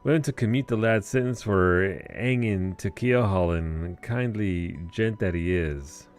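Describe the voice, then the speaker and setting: A gruff innkeeper with a rough sailor's brogue, as a man reads his game dialogue aloud. The voice sits very low and deep, dropping letters with salty humor, while faint music runs underneath. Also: measured pace. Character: gruff male innkeeper, seafaring guild boss, rough-humored.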